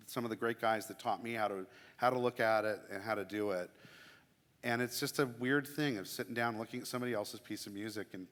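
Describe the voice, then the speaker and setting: A man talks casually and eagerly, a church music director explaining his work with quick self-deprecating asides. His voice sits in the middle range. It carries a long, echoing reverb from the church around him. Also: medium pitch, a bit bright. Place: church sanctuary.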